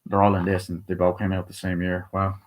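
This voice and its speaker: Male film reviewer, low voice, sweary and excitable, jumps up to act out quotes. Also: fairly quick, background noise. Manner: excited, profane, acts out quotes in raised voice. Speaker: movie reviewer. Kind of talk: casual film review retelling scenes.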